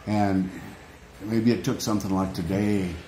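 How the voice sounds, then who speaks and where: Speaking a little slowly in a lowish, dark-toned voice, an American man keeps a steady tone through an emotional vlog rant. It's unscripted and rambling, and he often restarts and repeats phrases. The recording sounds echoey, with faint background noise.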